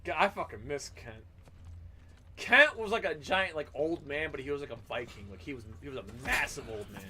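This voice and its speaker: A man in his thirties hosting a gaming stream, swearing freely and laughing through his stories. His voice is high and bright, with a faint hiss of noise beneath it. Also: fairly quick. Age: 30s. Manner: profane, animated, laughing storyteller. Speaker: livestream gaming host. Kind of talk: casual livestream chat and storytelling.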